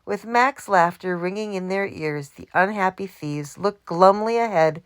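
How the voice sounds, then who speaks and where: A woman narrating a children's storybook in a steady, even reading voice. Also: on the low side, normal speed, smooth. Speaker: audiobook reader.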